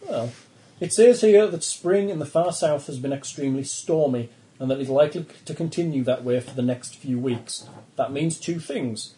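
A man voices a professor leading a polar expedition, briefing the crew in a formal, lecturing, measured way. His natural voice has a medium pitch and dark tone at a moderate pace, and the recording is rough.

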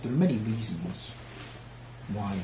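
A man voicing a composed, formal female envoy in a tabletop game, with measured speech in an echoey room. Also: lowish voice, expressive. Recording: echoey room, faint background noise.

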